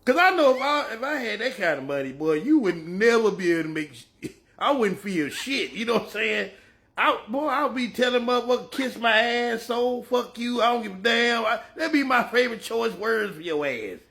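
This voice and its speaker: A man's voice: sits high, very animated, fairly quick, a bit bright. A man ranting casually in a profane, boastful way. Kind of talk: casual rant.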